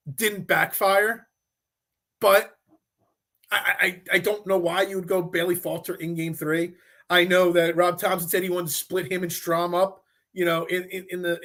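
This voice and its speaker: A male sports talk host who argues his points, stacking restarts and repeated phrases. His voice sits high and sounds bright and forceful. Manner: animated, repeats himself when making a point.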